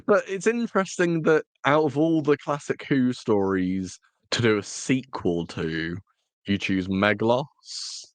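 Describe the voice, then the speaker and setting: A man's voice: mid-range voice, unhurried, no room sound. A man co-hosting a podcast, chatting casually with wry, teasing humor. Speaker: podcast co-host. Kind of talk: casual chat.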